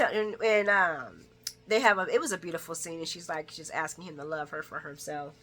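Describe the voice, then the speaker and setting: A woman chatting casually through a recap, laughing often and acting out lines in a higher voice. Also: fairly even intonation, moderate pace. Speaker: soap opera recap vlogger.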